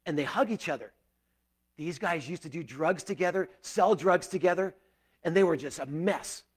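Middle-aged male pastor, slightly high voice, earnest conversational sermon with loud bursts and hushed prayers. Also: moderate pace, slightly rough.

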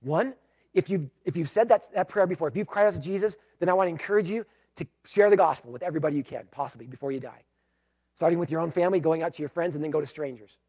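A pastor preaching a sermon, emphatic, moving between loud declarations and hushed, pleading passages. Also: male voice, on the high side, fast, husky.

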